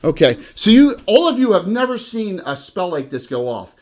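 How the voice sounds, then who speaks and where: A man's voice: high-pitched, sing-song, moderate pace, a little mellow. A man with a South Jersey accent, narrating a tabletop game as game master in a loose, chatty way with many fillers.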